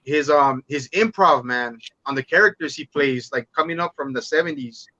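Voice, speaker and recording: Male podcast guest, bright and forceful, rambling casual speech, dull dry audio. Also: medium pitch, normal speed, no room sound. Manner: rambling, restarts and fillers, casual swearing. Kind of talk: casual movie talk.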